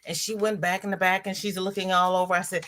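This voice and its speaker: A woman in her sixties hosting a casual crochet livestream, chatting warmly with viewers and greeting them by name as she reads the chat. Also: fairly low pitch, flat delivery, quick pace. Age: 60s.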